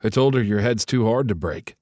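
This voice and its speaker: A man's voice: on the low side, animated, brisk, a little mellow, no room sound, studio quality, natural voice. A man voicing a wry, joking adult brother in an audiobook reading.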